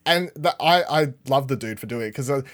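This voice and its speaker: A man hosting a podcast in casual chat, energetic and rambling as he talks. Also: medium pitch, brisk. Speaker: podcast host.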